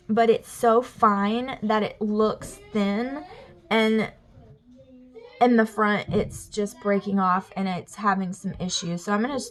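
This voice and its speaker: A young woman from the US South with a Southern drawl, chatting casually to camera at home in a rambling way, full of fillers and "y'all". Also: medium pitch. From Alabama, US South. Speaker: family vlogger. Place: family home.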